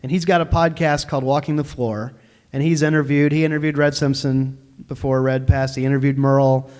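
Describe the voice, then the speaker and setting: A man's voice: medium pitch, flat delivery, a little fast, darkish tone, clean tone. A man speaking casually and conversationally at a library panel discussion. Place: library event hall.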